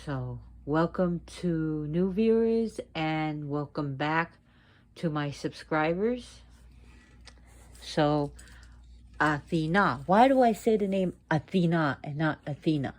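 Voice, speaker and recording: A woman presenting a casual educational video at home, talking slowly and deliberately and repeating words for emphasis. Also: low-pitched, animated, a little mellow. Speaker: video presenter on mythology and witchcraft. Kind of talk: casual educational talk to viewers.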